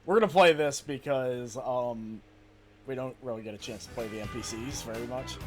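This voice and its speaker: A man co-hosting a game stream, relaxed and quick to laugh. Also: mid-range voice, faint music behind. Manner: laid-back, quick to laugh. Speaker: streamer co-host. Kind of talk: casual gaming stream chat.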